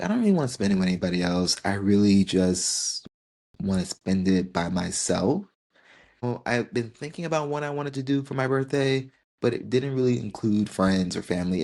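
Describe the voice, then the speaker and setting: This twenty-something podcast host tears up as he shares a heartfelt personal reflection on having another birthday. He speaks in a lowish, somewhat dark voice.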